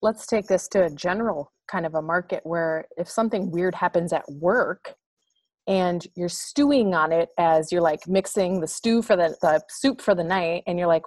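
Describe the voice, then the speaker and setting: A woman's voice: on the low side, normal speed, a little mellow, dry recording. A middle-aged woman hosting a casual interview, chatty, who acts out little scenes in a raised voice. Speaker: podcast host.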